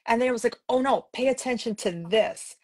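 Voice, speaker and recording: A woman's voice: fairly high pitch, fairly quick. A woman from New York City, a podcast co-host, telling stories casually and animatedly, often acting out what she said at the time. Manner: animated, acts out her own past remarks, frequent "like". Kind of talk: casual conversational storytelling.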